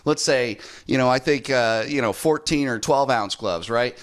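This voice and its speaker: A man's voice: medium pitch, moderate pace, smooth. A man hosting a casual interview, talking in a rambling way with lots of fillers. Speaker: podcast host. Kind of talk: casual chat.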